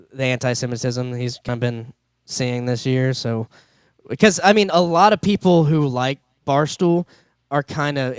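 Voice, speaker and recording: A man's voice: medium pitch, clear, resonant tone, no echo. A man hosting a podcast in loose, rambling casual chat. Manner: loose, rambling, filler-heavy. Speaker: podcast host.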